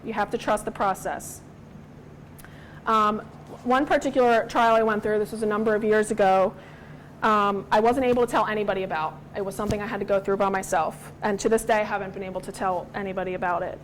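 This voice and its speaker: A woman's voice: mid-range voice, fairly even intonation, quick pace, a little hiss or hum, poor audio. A woman in her thirties teaching a Bible study, earnest and personal, sometimes acting out the voices she quotes.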